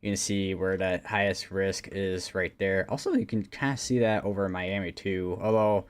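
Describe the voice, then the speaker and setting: A man's voice: deep voice, fairly even intonation, normal speed, clear, resonant tone. A man hosting a live weather stream, talking casually and rambling with lots of fillers and restarts. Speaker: livestream weather host.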